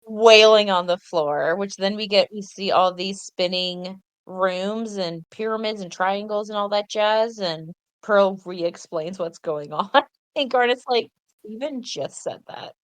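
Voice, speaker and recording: A woman's voice: mid-range voice, unhurried, clean tone, dry recording. Dry-sounding woman podcast co-host. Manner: enthusiastic, trails off and corrects herself mid-thought. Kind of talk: casual chat.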